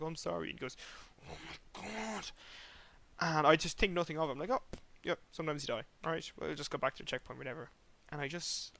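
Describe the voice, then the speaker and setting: A young man hosting a podcast, telling a long rambling story in an animated way, acting out sounds and swearing casually. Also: fairly high pitch. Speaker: podcast host.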